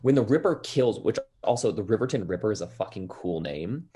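A man's voice: on the low side, animated, brisk. A man in casual chat about movies, enthusiastic, swearing freely and saying "like" a lot. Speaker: podcast co-host.

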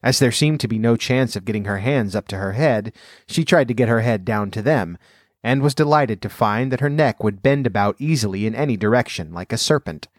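A man narrating a storybook in a measured, gentle way. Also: fairly low pitch, lively intonation, dry recording, studio quality. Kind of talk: storybook reading.

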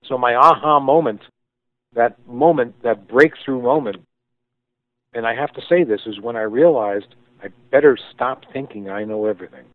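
A man being interviewed, telling a story with thoughtful pauses and frequent restarts as he explains things. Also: mid-range voice, dry recording. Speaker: guest, company founder. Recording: tinny phone-like line, dry.

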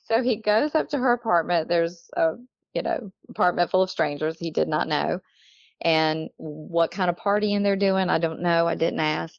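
A woman's voice: on the low side, normal speed, gravelly, dry recording, muffled recording. A woman telling a personal story in casual conversation, chatty, often laughing and acting out what others said. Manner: chatty, laughs often, acts out quoted people. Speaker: guest telling her story.

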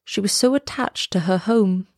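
A woman's voice: mid-range voice, dry recording. Woman reading a fairy tale, dry close sound. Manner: measured, expressive storytelling. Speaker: storyteller. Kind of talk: fairy tale read aloud.

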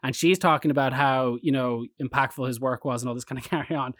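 Irish man, chatty storyteller, rambling anecdotes, dry close sound, mid pitch. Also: quick pace, dry recording. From Ireland. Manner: rambling anecdotal storyteller, animated quoted voices. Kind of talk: casual chat.

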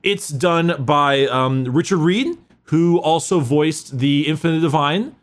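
A man's voice: fairly high pitch, slow. A man co-hosting a podcast, chatting casually about a book with frequent restarts and fillers. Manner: rambling, many restarts and fillers. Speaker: podcast co-host.

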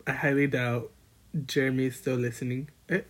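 A woman's voice: extremely low pitch, level tone, moderate pace. A young woman in her twenties co-hosting a casual podcast, blunt and full of fillers, recorded on a built-in laptop mic. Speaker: podcast co-host. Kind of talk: casual chat.

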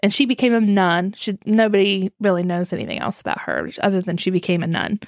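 A woman's voice: mid-range voice, expressive, a little fast, no echo. A woman with a West Virginian accent, chatting as a podcast co-host and telling a true-crime story, laughing often as she talks.

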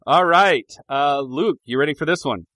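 A man's voice: a little high, moderate pace, fairly bright tone, dry recording. A man hosting a casual call, running a quiz in an upbeat way and laughing often. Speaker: host. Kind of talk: casual chat over a call.

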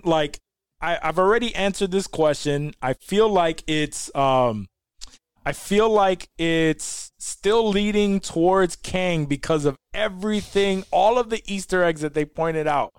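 A man's voice: high-pitched, a little slow, clean tone, dry recording, clean studio sound. A man co-hosting a casual podcast, rambling with many restarts and laughing easily. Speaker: podcast co-host. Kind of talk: casual chat.

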